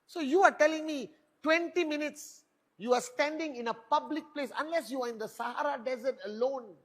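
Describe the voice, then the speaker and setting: A middle-aged man with a very high voice speaks fairly quickly, giving a motivational stage talk at a network marketing event. He fires off rhetorical questions and boasts.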